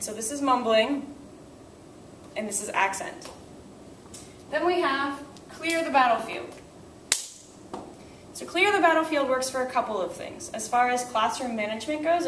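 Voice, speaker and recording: A woman's voice: a little high, a little hiss or hum. A young woman teaching a class, explaining methods step by step and often checking in with "right?". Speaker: language teacher. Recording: echoey room, voice far from the mic.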